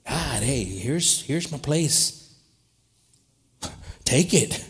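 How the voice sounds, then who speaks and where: A man preaching a sermon, dropping to quiet, conversational asides and then rising to loud, emphatic shouts, with laughter along the way. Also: medium pitch, drawn-out words, husky. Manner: animated, with laughter and restarts. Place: church.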